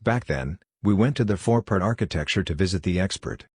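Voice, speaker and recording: A man's voice: low-pitched, brisk, darkish tone, husky, no echo, clean studio sound. A man voicing a fatherly emperor who reassures his daughter while hiding his nerves. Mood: reassuring. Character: fatherly emperor, secretly nervous.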